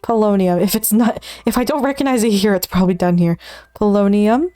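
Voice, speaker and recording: A woman's voice: medium pitch, brisk, dark tone, no echo, studio quality. A woman streaming while she studies, murmuring names to herself, slipping into whispers and laughing at her own mistakes. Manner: muttering element names to herself, often dropping to a whisper; self-deprecating, laughs at her own slips. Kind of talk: casual study stream chatter.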